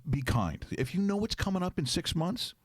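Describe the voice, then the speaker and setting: A man's voice: sits high, sing-song, moderate pace, no echo. A middle-aged man hosting a casual studio chat, rambling and jokey. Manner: rambling, jokey, slips into put-on voices. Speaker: show host.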